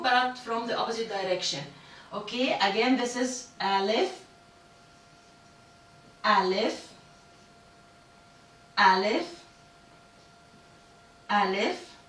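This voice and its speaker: A woman who speaks natively, teaching an online language lesson patiently and repeating each letter slowly for learners. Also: on the high side, fairly bright tone, echoey room, recorded from a distance. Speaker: Arabic teacher.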